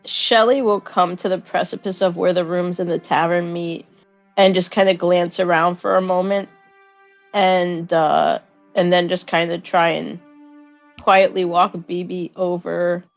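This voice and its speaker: A woman's voice: on the low side, fairly even intonation, unhurried, creaky, muffled recording, soft background music. A woman player describing her character's actions casually, with many fillers and hedges. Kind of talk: casual tabletop role-play.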